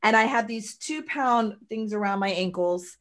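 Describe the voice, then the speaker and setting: A woman chatting casually and telling stories in an animated way, often acting out what others said. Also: mid-range voice, normal speed. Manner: animated storyteller, acts out quotes loudly. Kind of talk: casual chat.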